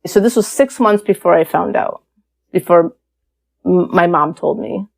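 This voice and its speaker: A woman's voice: on the low side, a little slow, vocal fry. A woman guest on an interview podcast, telling her story in a casual, candid way with lots of fillers. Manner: chatty, many fillers, animated and candid.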